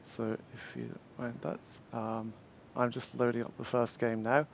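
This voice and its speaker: A man's voice: medium pitch, monotone, normal speed, creaky, lo-fi sound, slight background noise. A man with an English accent casting a game tournament casually, hesitant, with many fillers and restarts. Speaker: tournament caster.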